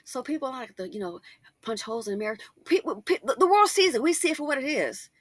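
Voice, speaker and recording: A middle-aged woman hosting a casual commentary monologue, chatty and animated, full of asides and emphatic rhetorical questions. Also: high-pitched, fast, dry recording. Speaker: commentary channel host.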